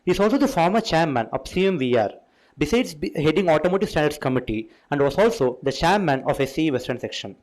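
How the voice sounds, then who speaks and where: A man's voice: fairly high pitch, expressive, fast talker, darkish tone, poor audio. A man hosting a formal event, reading a guest's credentials in an effusive, ceremonial way. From India. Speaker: event host. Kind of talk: formal introduction.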